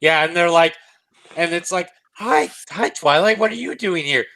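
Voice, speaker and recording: A man co-hosting a casual review chat, laughing often and retelling scenes in quick quoted snippets. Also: high voice, lively intonation, creaky, bright, forceful tone, poor audio. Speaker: co-host of a cartoon review show.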